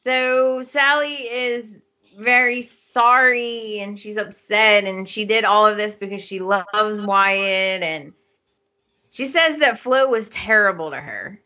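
A woman co-hosting a podcast, retelling a soap opera's plot at length in an animated, casual way. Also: medium pitch, slow. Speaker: podcast co-host.

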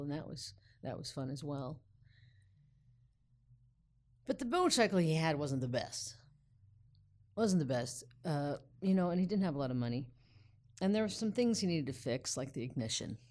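A woman telling a personal story aloud in an unhurried, vivid way with dramatic pauses. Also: deep voice, darkish tone.

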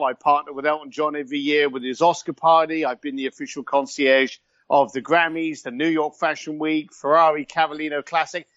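A man with an East London accent talks through a dull, muffled remote line, chatty and quick with a joke. His voice sits a little high and close and dry. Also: fairly bright tone, no room sound. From East London, England. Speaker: guest, luxury concierge. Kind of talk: casual interview chat over a call.

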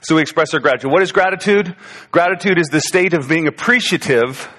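A man's voice: fairly high pitch, quick pace, bright, forceful tone, big-room sound. A man in his forties giving a conversational Father's Day sermon as a pastor, with frequent fillers and restarts. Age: 40s. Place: church sanctuary.

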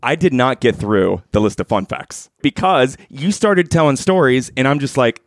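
A man's voice: medium pitch, expressive, normal speed, no room sound. Man, podcast co-host, playful banter, dry close mic. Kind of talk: casual podcast chat.

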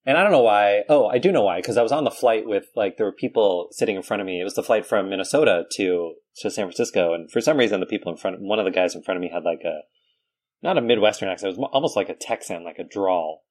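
A man from New York hosting a casual podcast, with a fairly low voice. He talks in a chatty, relaxed way, tells stories freely and laughs easily. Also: quick pace. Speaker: podcast host.

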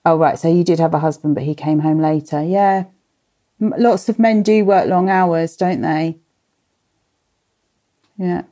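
A woman's voice: low-pitched, steady tone, measured pace, pauses often, warm tone. A woman in her thirties or forties running a live parenting workshop. She chats, laughs and sighs, and answers viewers by name as she reads their comments.

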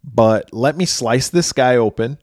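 A man's voice: medium pitch, measured pace, darkish tone, dry recording, clean studio sound. A man co-hosting a podcast, animatedly retelling movie scenes in casual chat, acting out lines and laughing often. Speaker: podcast co-host.

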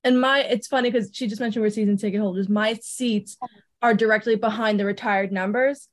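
A woman's voice: medium pitch, fairly even intonation, fairly quick. A woman fan and season ticket holder, talking earnestly in a casual chat, with frequent ums. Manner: earnest, eager, many ums.

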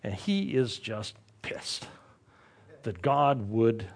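A man preaching a sermon, telling the story in an animated, wry way. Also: medium pitch, drawn-out words, vocal fry.

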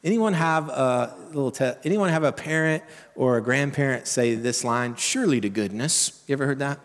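A man's voice: medium pitch, moderate pace. A male pastor preaching a sermon in a conversational way, full of rhetorical questions, in a church sanctuary. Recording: long church-hall reverb.

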